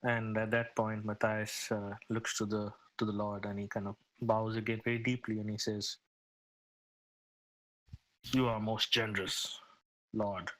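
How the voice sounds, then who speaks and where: A man describing his character's actions as a player in a tabletop game, measured and a little hesitant. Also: on the low side, flat delivery, low-quality recording.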